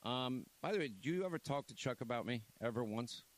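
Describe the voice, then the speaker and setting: Guy hosting talk radio, blunt, rambles and repeats himself, mid-pitched voice. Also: expressive, a little fast. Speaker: radio talk show host. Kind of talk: casual talk radio with live ad read.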